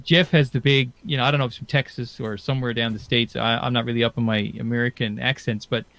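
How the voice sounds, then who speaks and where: A man's voice: medium pitch, fairly even intonation, fast, vocal fry, fairly bright tone, dry recording. Man co-hosting a podcast; rambly, easygoing, dry close mic. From Newfoundland and Labrador, Canada. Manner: rambling, friendly, lots of "you know". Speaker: podcast co-host. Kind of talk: casual chat.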